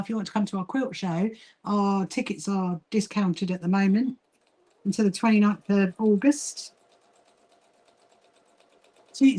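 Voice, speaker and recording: A woman's voice: mid-range voice, darkish tone. A woman with a southern English accent hosting a casual sewing livestream, chatting to viewers while she works. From England. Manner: chatty, greets viewers, talks while working, frequent restarts. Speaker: livestream host and quilting association founder.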